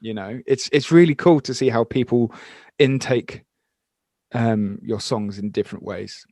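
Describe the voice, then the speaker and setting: A laid-back man chatting as a podcast guest, easygoing and sprinkling in swear words. His pitch is ordinary for a man. The sound is dry and close, with no room echo. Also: measured pace, dark tone. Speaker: guest musician. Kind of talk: casual chat.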